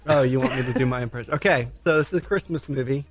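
A man's voice: medium pitch, fast. A man in casual radio studio banter who laughs often and tries silly impressions, with faint music behind.

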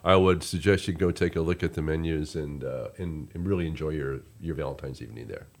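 A man's voice: rumbling low, brisk. A man, a resort representative chatting casually in an interview, rambling with many restarts.

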